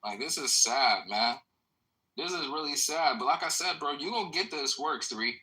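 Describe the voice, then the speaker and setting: A man's voice: on the high side, animated, normal speed, sharp tone, rough recording. A man in a heated audio chat room, taunting and cursing aggressively. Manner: aggressive, taunting, heavy profanity.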